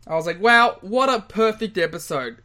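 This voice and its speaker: A man's voice: high voice, expressive, normal speed, pushed and bright. A man co-hosting a podcast in casual chat, jokey and playing at mock outrage. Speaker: podcast co-host.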